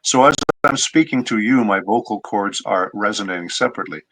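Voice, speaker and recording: Low-voiced man explaining patiently. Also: a little fast, sharp tone, poor audio. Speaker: guest voice actor. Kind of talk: casual interview chat.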